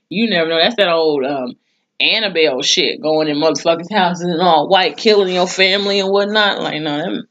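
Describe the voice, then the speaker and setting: Woman recapping TV, low voice, profane and chatty, dull lo-fi recording. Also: a bit bright. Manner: profane, chatty retelling with slang. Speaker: TV episode reviewer. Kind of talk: casual spoken recap.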